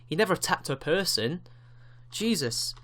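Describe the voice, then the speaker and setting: A man's voice: on the high side, big pitch swings, moderate pace, bright, forceful tone. A man giving a ranting online commentary, indignant and sarcastic, with frequent swearing. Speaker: YouTube commentator.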